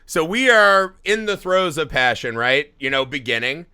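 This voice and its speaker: A man in his thirties from the US Midwest hosts a casual podcast chat. His voice is bright and sharp, and it leaps all over as he acts out screams and curses through a story. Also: fairly high pitch, normal speed, smooth. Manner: animated, swearing, acts out shouts and laughs while telling stories. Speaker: podcast host.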